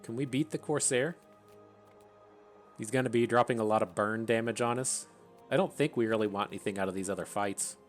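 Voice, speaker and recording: A man's voice: lowish voice, a little fast, soft background music. Man casually commentating his gameplay. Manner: chatty, thinks aloud, laughs at his own tangents. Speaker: gaming channel host.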